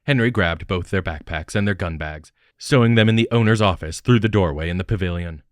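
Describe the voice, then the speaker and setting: A man narrates an audiobook in a steady, even read. His voice sits on the low side, and the recording is dry and close with no room sound. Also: a little fast, no echo. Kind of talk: scripted narration.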